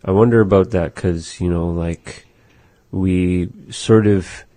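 A man teaching words of his language in a casual lesson, saying them slowly and repeating them. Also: sits low, fairly even intonation, dark tone, dry recording.

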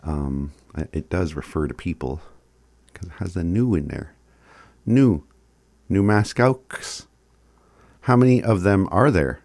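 A man teaching phrases in a casual recorded lesson, chuckling often and sounding words out slowly. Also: deep voice, lively intonation, a little mellow, dry recording. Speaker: language teacher.

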